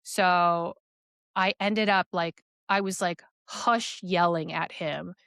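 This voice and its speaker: A woman's voice: fairly low pitch, fairly even intonation, slow pace, creaky, fairly bright tone, smooth, no room sound, clean studio sound. A young adult woman, a podcast guest, tells a personal story in a rambling way full of "like" fillers.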